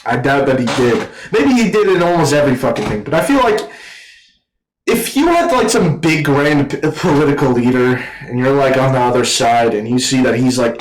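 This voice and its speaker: A man giving a casual, rambling film review, swearing constantly and filling every pause with "like" and "uh.". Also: fairly high pitch, roomy sound, a little hiss or hum, poor audio. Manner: profane, rambling, full of fillers. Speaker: movie reviewer.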